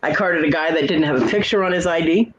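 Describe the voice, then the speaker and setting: A woman's voice: low voice, fast talker, dull audio, background noise. A woman in her forties hosting a casual chat, telling stories in a loose, chatty way and acting out the back-and-forth of conversations. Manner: chatty storyteller who acts out quoted exchanges. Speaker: host.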